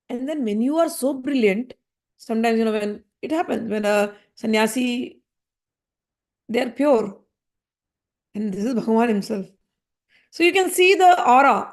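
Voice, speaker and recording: A woman reading and explaining a devotional scripture, chanting verses slowly before explaining them plainly. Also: high voice. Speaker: scripture reader and teacher.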